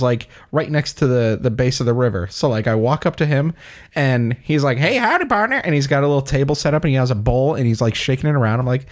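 A man chatting casually about a video game, relaxed and chuckling as he recounts a scene and mimics its characters. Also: medium pitch. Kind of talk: casual gaming chat.

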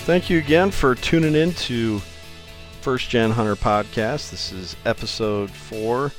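A man's voice: mid-range voice, a little slow, soft background music. A man co-hosting a casual podcast chat, joking and loose, often restarting his sentences. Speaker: podcast co-host.

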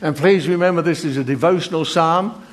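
An older man's sermon features scripture read earnestly but unevenly, broken up by frequent fillers and restarts, in a voice pitched on the high side.

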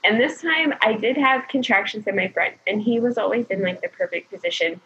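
A woman casually telling her birth story as a guest, chatty and animated, quoting people often. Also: medium pitch, brisk. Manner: chatty, animated retelling with frequent "like" and laughter. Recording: dull lo-fi recording.

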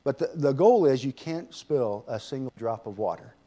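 A man voicing a calm, patient male preacher who asks gentle questions. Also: medium pitch, moderate pace, pitched below the performer's own voice, natural voice.

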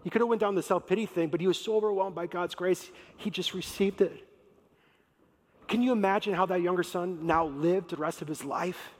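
A man preaching a sermon as a pastor, telling the story in an animated way with casual slang. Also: sits high, fairly quick. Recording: reverberant large hall.

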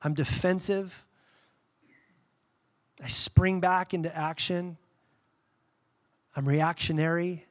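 Taking it slowly with long pauses and a steady tone, a slightly high-voiced pastor preaches candidly and with animation, mixing loud storytelling bursts with quiet, reverent stretches.

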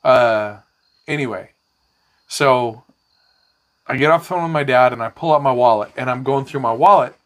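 A man's voice: mid-range voice, moderate pace, long pauses. Man, podcast co-host, casual storytelling, profane, rambling anecdotes.

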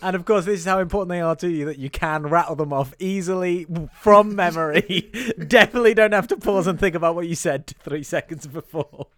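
A man hosting a podcast in casual chat, quick and teasing, laughing often. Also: sits high, a bit bright. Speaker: podcast host.

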